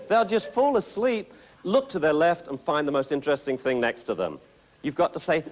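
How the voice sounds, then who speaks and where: A man's voice: high-pitched, lively intonation, normal speed. Guy coaching puppy owners, coaxing and upbeat, voice all over the place, faint noise behind. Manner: upbeat, coaxing, full of encouragement. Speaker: puppy trainer. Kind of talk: instructing a puppy class.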